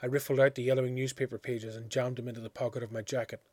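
A man narrating a literary story in a measured, quiet, reflective way. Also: mid-range voice, flat delivery, no room sound. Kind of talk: audiobook reading of a literary story.

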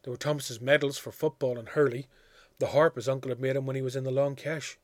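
A man narrating a literary story in a measured, quiet, reflective way. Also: medium pitch, flat delivery, dry recording. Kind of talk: audiobook reading of a literary story.

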